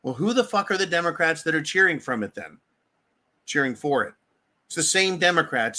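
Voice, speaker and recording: A man's voice: fairly high pitch, expressive, brisk, pushed and bright. Fiery, profane man hosting a livestream. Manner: heated, profane ranting; keeps addressing listeners as folks. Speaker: livestream host. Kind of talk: live-stream commentary.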